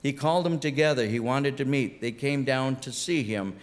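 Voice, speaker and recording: A man's voice: medium pitch, normal speed. A male pastor preaching a sermon in an earnest way, often repeating words as he builds his points, in a large conference hall. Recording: long hall reverb.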